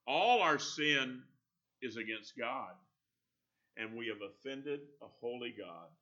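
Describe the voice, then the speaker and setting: Male preacher, very bright tense tone, earnest and emphatic, slightly dull lo-fi recording. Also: mid-range voice, animated, takes it slowly. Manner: earnest, emphatic, acts out quoted voices. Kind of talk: sermon.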